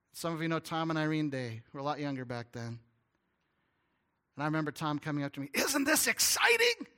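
Bright-voiced storytelling preacher, a man. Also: sits high. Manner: storytelling preacher, dropping to hushed tones and rising to loud ones; acts out little dialogues with the congregation. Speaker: pastor. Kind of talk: sermon.

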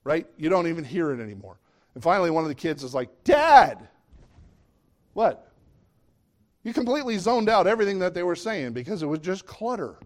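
A man's voice: a little high, big pitch swings, fast. A middle-aged man preaching a sermon in a conversational way, often asking the listeners questions. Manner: conversational, asks the audience questions.

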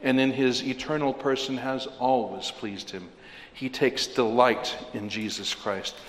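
A man's voice: medium pitch, fairly even intonation, unhurried, echoey room, long reverb tail. A man preaching an expository sermon, earnestly asking his listeners questions and rising to emphatic peaks. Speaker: pastor.

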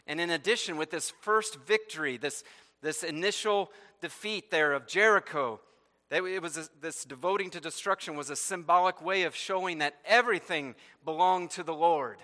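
A man preaches in a church sanctuary, reading scripture passages aloud and unpacking them with rhetorical questions. His voice is bright and sits a little high for a man. A long reverb trails each phrase around the hall. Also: moderate pace. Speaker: pastor. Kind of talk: sermon.

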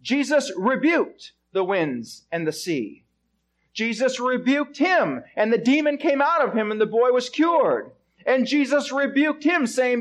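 A man's voice: very high-pitched, big pitch swings, a little slow. A male pastor preaching an expository sermon, stressing his points and asking the congregation rhetorical questions.

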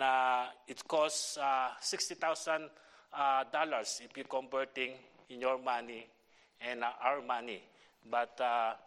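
A middle-aged man with a Filipino accent preaching a sermon in halting English, with many fillers and restarts. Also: medium pitch, fairly bright tone, clean tone. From Philippines. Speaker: visiting pastor. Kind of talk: church sermon and prayer request.

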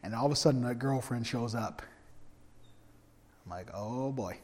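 A man preaching a sermon through personal stories, animated and humorous, swinging from loud bursts to hushed asides. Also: medium pitch, normal speed. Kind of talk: storytelling sermon. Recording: long hall reverb.

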